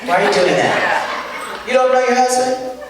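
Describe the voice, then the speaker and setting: An older woman comedian doing stand-up on a charity show stage, telling stories in an animated, exasperated way with punchy asides. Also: sits high, normal speed, background noise. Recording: echoey hall, voice far from the mic, faint ambience.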